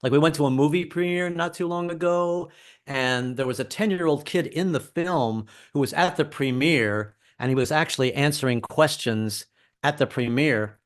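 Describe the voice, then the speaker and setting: A man's voice: a little high, moderate pace. Wry middle-aged male stand-up comic. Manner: wry and self-deprecating. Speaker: comedian. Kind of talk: stand-up comedy set.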